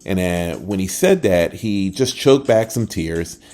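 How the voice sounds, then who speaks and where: An older man hosting a short podcast, telling a personal story in a casual, lively way and acting out the people he quotes. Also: sits low, a little slow. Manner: animated, acts out quoted voices, trails off at the end. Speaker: podcast host.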